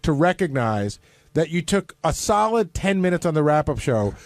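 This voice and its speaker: A man's voice: on the high side, big pitch swings, moderate pace, no echo. A man in a heated casual radio chat, pressing his point in a pointed, needling way. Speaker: radio show panelist.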